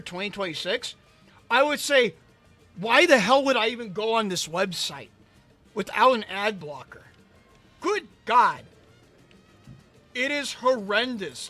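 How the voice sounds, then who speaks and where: A hoarse man losing his voice, ranting in casual let's-play commentary and reading chat aloud. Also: high voice, bright, forceful tone. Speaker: gaming streamer.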